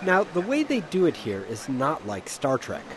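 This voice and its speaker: Male radio reporter, animated scripted narration, wry, faint ambience. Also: fairly high pitch, normal speed, background noise. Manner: lively, wry delivery. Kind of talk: scripted news feature narration.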